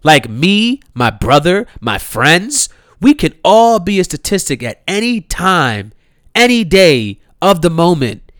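A man's voice: a little high, sing-song, slow, a bit bright, dry recording, clean studio sound. A man, delivering a heated, incredulous rant, swearing freely and repeating himself. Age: 30s. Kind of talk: impassioned rant to camera.

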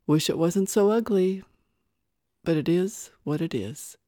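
A woman's voice: fairly low pitch, unhurried, warm tone, no room sound, studio quality, lightly acted. A woman reading a novel aloud, voicing a guarded young woman who answers bluntly. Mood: matter-of-fact.

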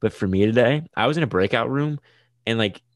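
A man's voice: medium pitch, fairly quick, no echo. A young man, a college student, talking casually and ramblingly, full of "dude" and "like". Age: young adult. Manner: chatty, rambling, "dude" and "like" fillers. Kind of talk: casual chat.

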